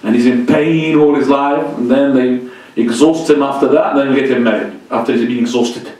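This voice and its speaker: A man, a sheikh, giving an informal, animated mosque lecture, joking and throwing in religious exclamations as he goes. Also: medium pitch, normal speed, far from the mic. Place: large mosque hall. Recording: very echoey hall, voice from afar.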